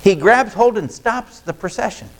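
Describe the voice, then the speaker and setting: A man's voice: high-pitched, lively intonation, moderate pace, gravelly, low-quality recording. A male pastor, preaching a sermon in a folksy storytelling way and acting out what people in the story say. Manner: folksy storytelling, acts out quoted lines.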